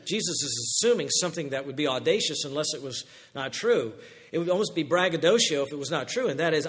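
A man, a pastor, preaching a sermon with animated delivery that swings from loud, rising calls to hushed, low passages. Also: normal speed, big-room sound.

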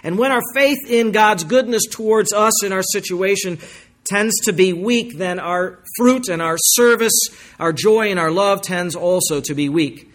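A man preaching a sermon as pastor, emphatic, slowing down to stress key phrases and swinging between forceful and quiet passages. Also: sits high.

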